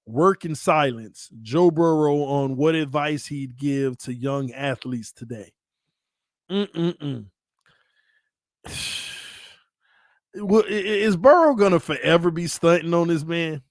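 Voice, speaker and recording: A man hosting a sports fan channel, talking in a casual, animated, teasing way and breaking into loud excited hollering. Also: on the high side, slow pace, long pauses, dry recording, clean studio sound. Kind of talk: casual fan commentary vlog.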